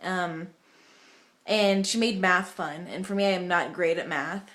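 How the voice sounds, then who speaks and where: A young American woman with a lowish, slightly bright voice talks a little slowly as she vlogs from home. She tells rambling stories to her webcam in a chatty way, packed with fillers.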